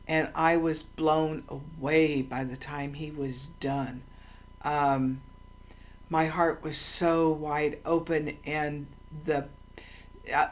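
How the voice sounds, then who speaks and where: A woman with a notably low voice tells personal stories in a relaxed monologue. She wanders from thought to thought, often pausing on ums and restarting her sentences, and she sounds sincere and heartfelt throughout. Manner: meandering, with frequent ums and restarts; earnest and heartfelt. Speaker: channel host. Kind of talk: casual personal storytelling monologue.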